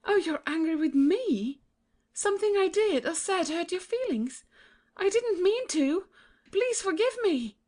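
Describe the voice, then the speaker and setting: A woman's voice: extremely high pitch, lively intonation, unhurried, darkish tone. A woman voicing a young, trusting princess, earnest and pleading in a childlike way.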